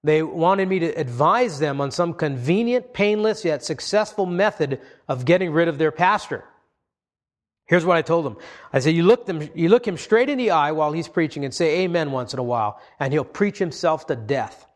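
A man preaching a sermon in an earnest, measured way, reading passages aloud between his own remarks. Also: a little high, lively intonation. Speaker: pastor.

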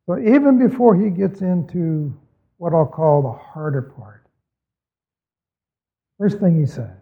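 A man's voice: fairly high pitch, animated, slow, creaky, long pauses, slightly rough. A man preaching a sermon as a pastor, earnestly reading scripture and asking his listeners reflective questions. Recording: tinny phone-like recording.

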